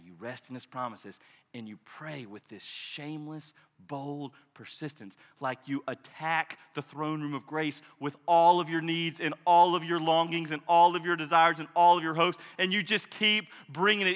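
Male preacher, passionate sermon delivery, bright, forceful tone, long reverb of a large church. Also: on the high side. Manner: passionate, swings from loud declarations to hushed intensity.

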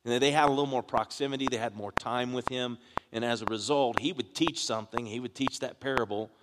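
A man's voice: mid-range voice, quick pace. Man preaching in an echoey hall. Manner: preaches with questions to the congregation, building in force. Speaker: pastor. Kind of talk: sermon. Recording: echoey hall with background noise.

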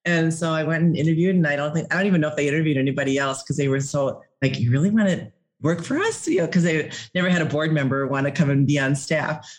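A middle-aged woman from Minnesota, a podcast guest telling her story in an animated way, laughing often and acting out what she said back then. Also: deep voice, fast, hardly any pauses. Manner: animated, laughs often, acts out her own past words.

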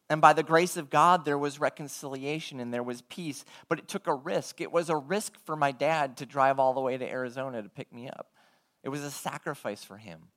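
A man preaching a sermon, telling a story in an earnest, measured way and acting out the dialogue. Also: medium pitch, a bit bright.

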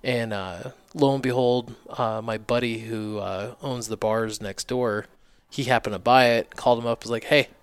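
A man in his thirties spins animated, profane stories in a podcast chat. His voice is smooth and resonant, recorded close and dry, with no room around it. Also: mid-range voice, moderate pace, no echo. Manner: animated, profane, quotes himself and others. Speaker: guest, barber and business owner. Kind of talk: casual storytelling in conversation.

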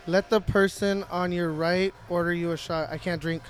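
High-voiced teasing young man. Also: fairly even intonation, moderate pace. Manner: teasing, reads questions aloud. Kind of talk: casual party game chat. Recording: music playing behind.

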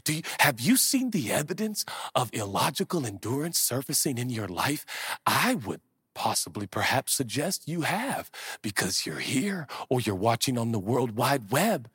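A man in his forties preaching a sermon to a church crowd, animated and playful, swinging from hushed to loud. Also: mid-range voice, moderate pace, husky, no echo, clean studio sound. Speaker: pastor. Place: large church auditorium.

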